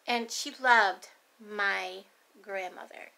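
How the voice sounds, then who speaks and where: A middle-aged grandmother vlogger rambles through family stories in a folksy, chatty manner. Her medium-pitched voice is slow, creaky, pushed, and bright.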